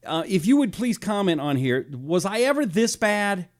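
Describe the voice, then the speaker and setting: A man's voice: sits high, very animated, normal speed. A middle-aged man hosting a live talk show, rambling casually and reading out viewer comments.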